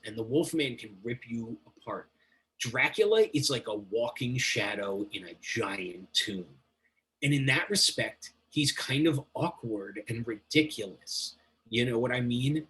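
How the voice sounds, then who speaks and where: Chatty, swearing male guest, mid-pitched voice, runs on with excitement. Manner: rambling, enthusiastic, swears freely. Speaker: guest, metal journalist. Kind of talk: casual interview talk.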